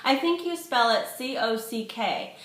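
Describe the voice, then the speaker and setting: A woman's voice: on the high side, lively intonation, a little slow, fairly bright tone, voice pushed up. A woman voicing a tipsy, playful young woman, in an echoey room.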